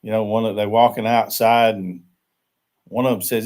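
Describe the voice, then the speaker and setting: A man's voice: fairly low pitch, fairly even intonation, fairly quick, darkish tone. An older man, chatting and joking easily as host of a casual live stream from a rural camp.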